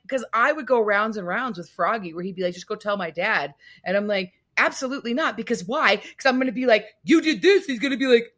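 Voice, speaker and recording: A woman co-hosting a casual podcast conversation, telling stories and acting out quoted lines. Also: a little high. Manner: animated storytelling, acts out quotes in raised voice. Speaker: podcast co-host.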